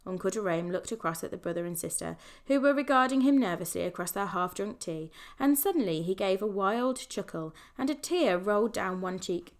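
A woman narrating a children's novel aloud in a measured, expressive reading, shifting voices for the characters. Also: lowish voice. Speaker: audiobook narrator. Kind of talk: storybook reading.

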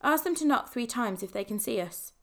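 Woman playing a middle-aged male scientist uncle, excitable, eager, breathless, pitched high, storybook. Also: a little fast. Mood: anxious.

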